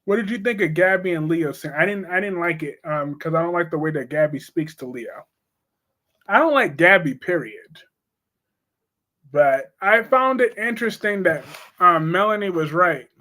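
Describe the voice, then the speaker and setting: A man's voice: high-pitched, lively intonation, moderate pace, sharp tone. A man hosting a casual live stream about soap operas. He talks bluntly and chattily and reads out viewer comments as he goes.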